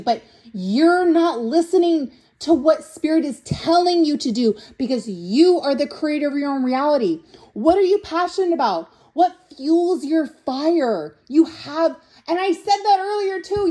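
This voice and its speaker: A woman's voice: high voice, expressive, unhurried, mellow. A young woman doing a casual tarot reading to camera, blunt and teasing, who keeps checking in with "okay?". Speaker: tarot reader.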